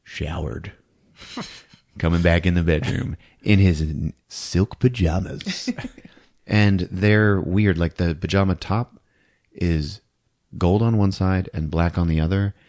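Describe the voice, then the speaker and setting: A man's voice: low voice, slow. A man hosting a podcast, casually retelling a movie plot with lots of laughter. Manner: animated, laughing, storytelling. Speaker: podcast host.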